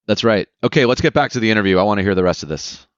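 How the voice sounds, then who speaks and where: A man co-hosting a podcast, chatting with brisk, teasing remarks. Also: lowish voice, animated, dry recording. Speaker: podcast co-host. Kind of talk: casual chat. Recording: dull lo-fi dry podcast audio.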